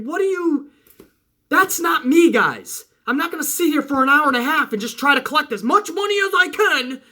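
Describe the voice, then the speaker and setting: Loud, yelling man ranting about wrestling. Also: very high-pitched. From Italian-American household. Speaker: wrestling channel host. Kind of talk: casual rant to viewers.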